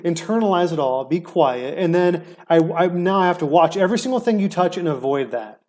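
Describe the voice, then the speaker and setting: A man co-hosting a podcast, bickering in casual chat, animated and teasing, stumbling over quick restarts. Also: high voice. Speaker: podcast co-host.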